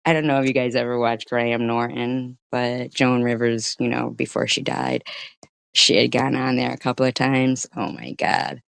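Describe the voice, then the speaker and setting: Middle-aged woman, gravelly and dry; a profane, mocking commentary host who rambles into chatty stories. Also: extremely low pitch, normal speed, no room sound. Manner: chatty storytelling. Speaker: live-stream commentary host. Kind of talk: ranting live-stream commentary.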